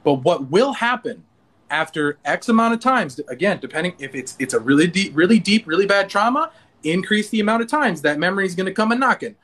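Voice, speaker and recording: Male interview guest with a high voice, earnest, animated self-talk, frequent restarts. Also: a little fast. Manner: earnest, animated, acts out inner dialogue with many restarts.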